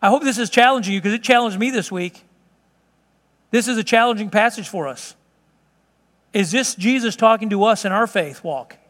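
Brief: male pastor, very high voice, chatty self-mocking sermon, long hall reverb. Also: moderate pace, pauses often, a bit bright. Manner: conversational, laughs often, self-deprecating.

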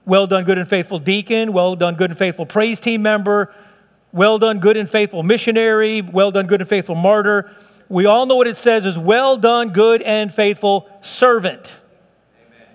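A pastor delivers a sermon to his church. His voice sits high, and he preaches in a fervent, conversational way, circling back with repeated phrases and restarts. A long reverb trails his words through the sanctuary. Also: fairly even intonation, brisk.

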